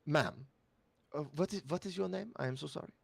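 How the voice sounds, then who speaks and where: A man's voice: a little high, brisk, gravelly, dry recording, voice pushed up. A man playing a fussy, bookish scholar of magic. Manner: formal, fussy, stilted phrasing.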